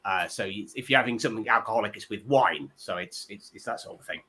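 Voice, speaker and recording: A man's voice: fairly low pitch, quick pace, pushed and bright, husky. A man hosting a comedy panel show, telling rambling self-deprecating stories full of stammered restarts.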